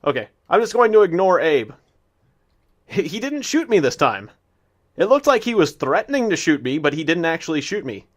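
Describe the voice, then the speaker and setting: Man doing let's-play commentary, slightly high voice, casual and chatty, talks to in-game animals. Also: sing-song, moderate pace. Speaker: gameplay commentator.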